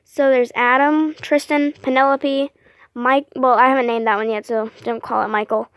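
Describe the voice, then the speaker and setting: High-voiced rambling girl vlogger. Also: steady tone, normal speed, a bit bright, no room sound, clean studio sound. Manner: rambling, apologetic, lots of fillers. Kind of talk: casual rambling vlog.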